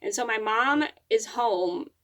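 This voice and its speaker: A woman's voice: a little high, takes it slowly. Rambling woman vlogger telling a story. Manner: rambling, with frequent restarts and filler. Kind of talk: casual storytelling to camera.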